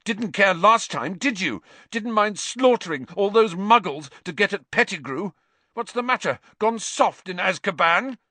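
A man voicing a furious thirteen-year-old boy wizard who shouts and spits his words. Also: high voice, lively intonation, a little slow, no echo, pitched above the performer's own voice, full character voice. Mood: furious shouting. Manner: shouting, spitting rage.

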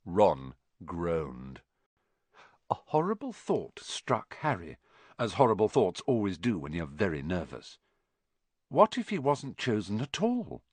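Guy reading a storybook out loud, super lively pitch, dry close mic. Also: takes it slowly, no room sound. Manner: expressive, animated storytelling. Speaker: narrator. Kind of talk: audiobook narration.

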